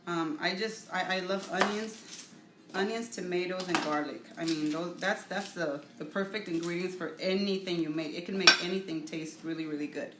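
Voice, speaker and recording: Middle-aged woman, home-kitchen cooking host, chatty and halting, lowish voice, roomy echo. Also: fairly even intonation, heavy background noise. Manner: casual, halting, greets viewers by name while cooking. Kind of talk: live-stream cooking demo, chatty. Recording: echoey room with faint music.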